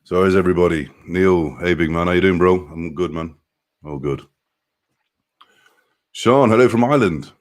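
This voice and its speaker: A man's voice: sits low, normal speed, long pauses. A man, casually chatting on a live stream and greeting viewers by name in an upbeat way.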